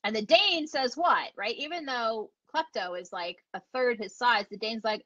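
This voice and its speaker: A woman's voice: sits high, very animated, a little slow, fairly bright tone, breathy edge, dry recording. A woman dog trainer teaching online, chatty and enthusiastic, acting out the dogs as she explains. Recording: dull lo-fi audio.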